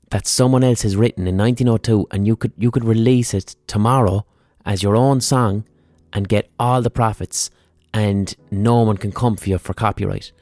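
A man's voice: fairly low pitch, mellow, dry recording. Male podcast host, casual, profane, dry close mic. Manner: swearing, exasperated rambling. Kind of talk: casual monologue on music history.

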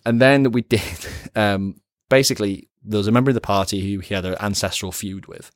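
A man talks quickly, with a lowish voice, in casual podcast chat. He tells animated stories and acts out quotes as he goes. The recording is dry and close. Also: dry recording. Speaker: podcast co-host and game master.

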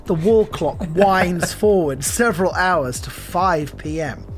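A man's voice: sits high, slow, soft background music. A man reading a script aloud as a podcast co-host, wry and theatrical, laughing often.

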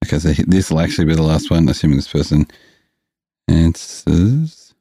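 A man's voice: extremely low pitch, normal speed, dark tone, breathy edge, dry recording, clean studio sound. A man co-hosting a podcast, giggling and teasing as he talks. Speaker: podcast co-host. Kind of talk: casual podcast chat.

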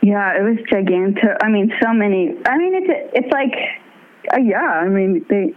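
A woman's voice: medium pitch, normal speed. Bubbly young woman on a tinny phone line. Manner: bubbly, laughs often, animated storytelling. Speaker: touring musician, guest. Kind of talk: casual interview chat.

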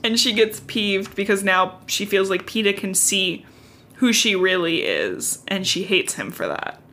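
A young woman co-hosting a podcast, recapping a book in casual chat, full of "like" and quick laughs. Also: mid-range voice, expressive, fairly bright tone. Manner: chatty recap filled with "like", laughing often. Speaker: podcast co-host.

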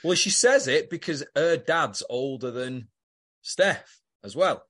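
A man's voice: on the high side, expressive, slow, fairly bright tone. A British man co-hosting a podcast in casual chat, dropping dry quips and wry corrections. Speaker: podcast co-host.

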